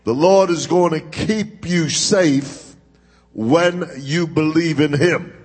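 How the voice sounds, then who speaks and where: A male pastor preaching a sermon in a church sanctuary, with drawn-out, emphatic phrasing and call-and-response to his congregation. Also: fairly high pitch, slightly rough, big-room sound.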